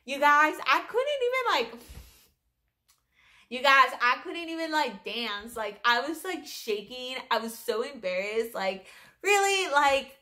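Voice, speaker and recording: Young woman vlogger, high bright voice, animated, casual storytelling with swearing. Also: takes it slowly. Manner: animated, lots of swearing and fillers.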